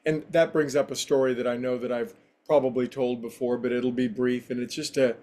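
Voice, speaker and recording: A man's voice: mid-range voice, little pitch movement, brisk, warm tone. A man who teaches yoga and meditation, giving a casual spiritual talk in a rambling, anecdotal, conversational way.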